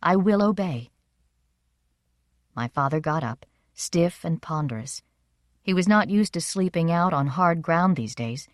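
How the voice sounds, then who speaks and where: A woman narrating a first-person story in a measured, expressive reading. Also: sits low, dry recording, clean studio sound. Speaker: audiobook narrator.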